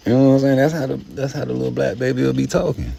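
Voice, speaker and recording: A man's voice: mid-range voice, steady tone, very fast, vocal fry, mellow, a little hiss or hum. A man ranting casually and profanely about boxing, rambling as he goes. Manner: profane, rambling, slips into mocking put-on voices. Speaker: boxing commentator. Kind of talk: casual rant to camera.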